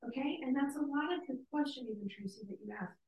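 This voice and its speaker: A woman's voice: high-pitched, quick pace, darkish tone, a little hiss or hum. Enthusiastic woman leading a Bible study. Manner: enthusiastic, reads passages aloud and breaks off to comment. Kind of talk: casual scripture teaching. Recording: roomy, distant mic.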